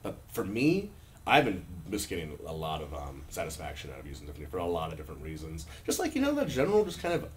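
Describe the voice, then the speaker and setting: A man's voice: quick pace, a little hiss or hum. A young man hosting a casual chat, joking and swearing freely as his voice jumps around. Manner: animated, jokey, swears freely, pitch jumps when joking.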